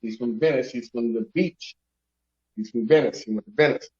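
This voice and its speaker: This show host speaks at a moderate pace with a medium-pitched voice, spinning animated stories in raunchy street slang during a casual chat. He acts out everyone he quotes, and the lo-fi audio is a little dull.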